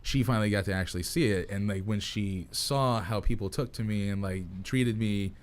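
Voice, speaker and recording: A man's voice: fairly low pitch, moderate pace. A man co-hosting a casual talk show, chatting in an easygoing, agreeable way. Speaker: radio show co-host, wrestler. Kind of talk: casual podcast banter.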